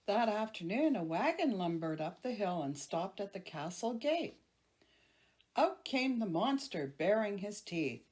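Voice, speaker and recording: A woman storyteller reading a children's picture book aloud in an expressive, unhurried way. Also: medium pitch. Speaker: library storyteller.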